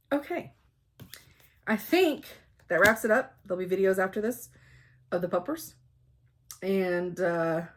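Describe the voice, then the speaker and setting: Chatty, rambling woman vlogger, lowish voice. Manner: rambling and chatty, with frequent fillers and laughter. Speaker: flosstube host. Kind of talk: casual chat to camera.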